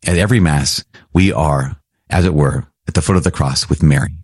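Low husky-voiced priest teaching. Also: male voice, fairly quick, darkish tone, dry recording, clean studio sound. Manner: enthusiastic, conversational, frequent restarts. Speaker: Catholic priest. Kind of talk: catechism teaching talk.

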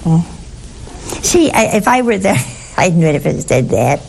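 A woman's voice: lowish voice, sing-song, moderate pace, vocal fry, a little mellow, a little hiss or hum. A woman giving an informal Bible teaching to a group, talking conversationally and often putting questions to her listeners.

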